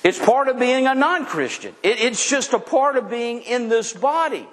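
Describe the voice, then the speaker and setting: A man's voice: very high voice, lively intonation, moderate pace, fairly bright tone. A man preaching a sermon, emphatic and repetitive, asking the congregation rhetorical questions. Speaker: pastor. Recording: long hall reverb.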